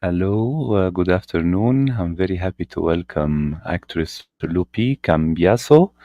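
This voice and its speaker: A man with a low voice hosts a live interview, polite and formal, pausing often as he searches for his words. His voice sounds dry and close, with no room around it. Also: animated, warm tone, no room sound, lo-fi sound. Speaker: interview host.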